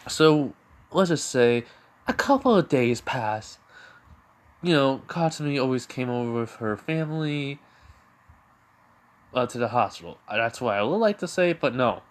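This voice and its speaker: Brief: casual male storyteller, mid pitch, loose and rambling, lots of restarts. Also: animated, measured pace, long pauses. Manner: rambling, full of "you know" and restarts. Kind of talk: improvised fan-fiction narration.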